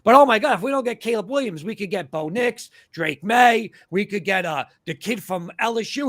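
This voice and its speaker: A man's voice: sits high, expressive, normal speed, hardly any pauses, a bit bright, dry recording, clean studio sound. A man hosting a live sports talk show, ranting emphatically about his team and mocking fans' opinions.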